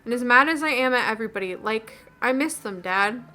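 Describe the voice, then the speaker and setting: A woman voicing an upset, rambling teenage girl in a video game, with a high, bright voice. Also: animated, fairly quick. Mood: hurt. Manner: rambling, gossipy, dejected.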